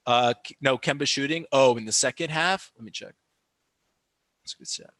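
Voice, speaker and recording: Excited basketball play-by-play and reactions come from a young man on a live stream, his mid-range voice recorded with no echo. Animated and quick to rant about the calls, he keeps restarting and using fillers.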